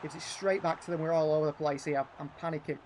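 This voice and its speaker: High-voiced man calling a football game. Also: quick pace, slight background noise. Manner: animated, frustrated, thinking aloud between match calls. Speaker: gaming livestream host. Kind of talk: live play-by-play commentary on a football management game.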